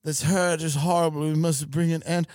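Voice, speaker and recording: A man's voice: a little high, flat delivery, very slow, pushed and bright, no room sound, clean studio sound, exaggerated voice. Brief: man playing a posh-sounding rich lady, fake British drawl, airy and affected. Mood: pompous. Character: rich Malibu woman faking a British accent.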